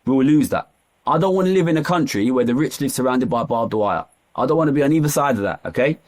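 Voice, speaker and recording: A man's voice: mid-range voice, animated, fast, a little mellow. Passionate East London man. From East London, England. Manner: passionate, emphatic repetition. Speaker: economist guest. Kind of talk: candid interview talk.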